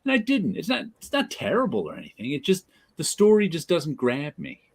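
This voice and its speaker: A man hosting a casual chat about comic books, laughing often and restarting his sentences when excited. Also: a little high, fairly quick, breathy edge. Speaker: podcast host.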